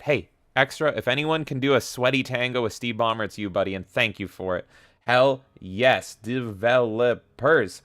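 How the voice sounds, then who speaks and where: A man's voice: mid-range voice, moderate pace, a bit bright, no echo. A man hosting a livestream, energetically reading viewer comments aloud and reacting with casual profanity. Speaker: livestream host.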